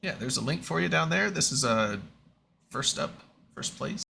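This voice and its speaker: Man, podcast co-host, gravelly, bright, lively pitch, rambling, faint background hiss. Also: normal speed. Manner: easygoing, rambling with fillers. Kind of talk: casual group chat.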